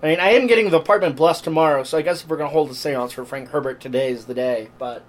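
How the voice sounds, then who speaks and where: A man's voice: on the high side, fast talker. A man hosting a podcast, chatting casually and joking, often laughing. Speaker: podcast host. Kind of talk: casual chat. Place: apartment room.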